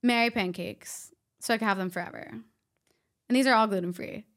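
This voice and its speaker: A woman's voice: medium pitch, a little fast, fairly bright tone. Bubbly woman chatting as a podcast guest. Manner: bubbly, playful storytelling. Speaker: podcast guest, health coach. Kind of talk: casual chat.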